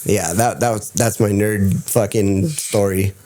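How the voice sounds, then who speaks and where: A man telling stories as a podcast guest in casual chat, excitable and swearing freely. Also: on the low side, unhurried. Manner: excitable, profane storyteller.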